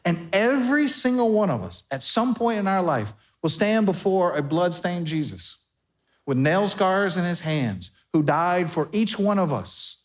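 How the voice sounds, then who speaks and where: A man's voice: high voice, animated, a little slow. A man, the pastor, preaching a sermon to his congregation in a conversational way, slipping into everyday back-and-forth dialogue to make his points. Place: church sanctuary before a congregation.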